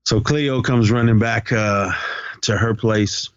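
A man's voice: fairly low pitch, fairly even intonation, slow, clean tone, no echo, highs cut off. A man co-hosting a podcast, loosely retelling a film's plot and acting out the characters' lines. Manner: loose storytelling, acts out quotes, profane. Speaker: podcast co-host. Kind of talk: casual movie recap.

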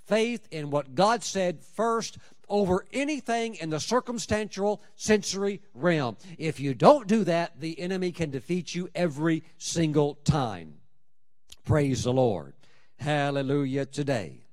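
Preacher guy, kinda high voice, big swings loud to soft, really emphatic. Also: expressive, measured pace. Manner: emphatic, dramatic swings in loudness and pitch; acts out prayers and scripture in quoted voices. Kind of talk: sermon.

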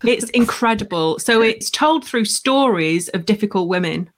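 A woman's voice: mid-range voice, lively intonation, moderate pace. A middle-aged woman guesting on a podcast, talking frankly and laughing easily. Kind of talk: casual interview chat.

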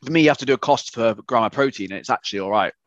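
A man's voice: mid-range voice, very fast, highs cut off. A young British man in a casual chat, blunt and opinionated as he reviews food with a co-host. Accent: British English.

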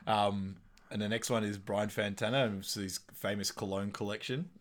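A man's voice: on the low side, steady tone, moderate pace. Chatty man recapping a film. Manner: chatty, laughs often, acts out film quotes. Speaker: podcast co-host. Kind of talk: casual film recap chat.

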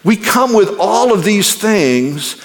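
A male pastor preaching a sermon. He swings between ringing exclamations and hushed, near-whispered passages. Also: high-pitched, very animated, takes it slowly, gravelly, a little hiss or hum. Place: church sanctuary. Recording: long reverb of a large hall.

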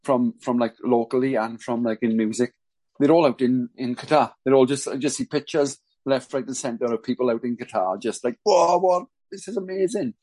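A man's voice: medium pitch, brisk. Chatty Welsh man telling stories. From Wales. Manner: chatty, animated storyteller. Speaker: guest musician. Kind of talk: casual podcast chat.

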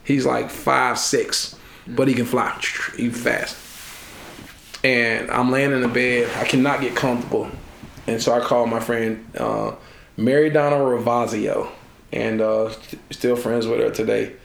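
A man being interviewed, telling a personal story in a lively way and acting out the voices of the people in it. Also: medium pitch, measured pace, vocal fry, a little hiss or hum. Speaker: interview guest. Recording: echoey room.

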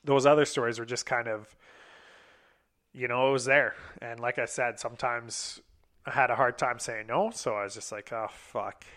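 A man's voice: medium pitch, fairly even intonation, normal speed, fairly bright tone. A young man casually telling a rambling personal anecdote, swearing freely and acting out the lines of people in the story. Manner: profane, rambling, acts out quoted lines.

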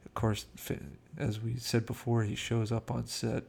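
A man's voice: medium pitch, monotone, normal speed, creaky, a little mellow, breathy edge. A man casually telling behind-the-scenes film anecdotes in a chatty way, acting out quotes. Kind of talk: casual storytelling commentary.

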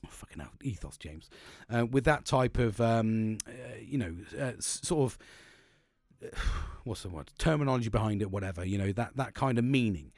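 A middle-aged man hosts a podcast in a loose, rambling monologue. He is blunt and swears freely. His pitch swings widely, and his voice sits dry and close to the mic. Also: lively intonation, normal speed, darkish tone, no room sound. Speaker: podcast host.

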